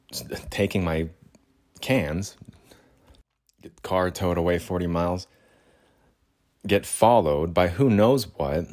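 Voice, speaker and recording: A man's voice: sits low, a little mellow. A man hosting his own podcast, rambling casually and exasperated, with many restarts and asides. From Utah. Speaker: podcast host. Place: home with cats.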